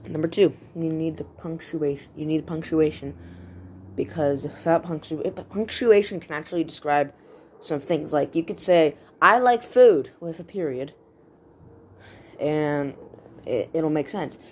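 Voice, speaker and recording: A writing tutorial host with a low, warm voice teaches basic writing in a loose, casual video, rambling playfully and often stopping mid-word to correct herself. Her intonation stays fairly even and her pace measured, with faint noise in the background.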